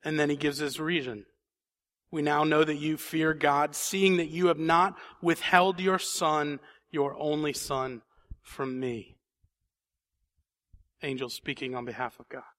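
A man's voice: on the high side, level tone, a little slow, pauses often, a bit bright. A man preaching a sermon in a church, reading scripture and then building to emphatic questions. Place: church sanctuary.

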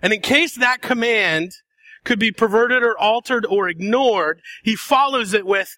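A man preaching a sermon, dramatic, acting out voices and shifting between soft and loud passages. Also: high-pitched, unhurried, no echo. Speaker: pastor.

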